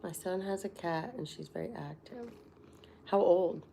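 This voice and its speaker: A woman's voice: on the low side, unhurried, gravelly, dark tone, slight background noise. A woman in her forties hosting a casual livestream, chatting with viewers in a loose, filler-heavy way. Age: 40s. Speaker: livestream host.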